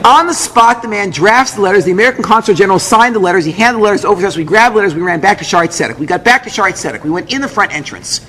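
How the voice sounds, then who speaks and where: Male rabbi telling his story with feeling, a bit high-pitched, faint hiss behind. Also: lively intonation, racing, hardly any pauses, sharp tone. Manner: emotional storytelling, acts out others' lines. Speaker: rabbi and speaker. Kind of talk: personal story told to an audience. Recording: echoey hall with faint noise.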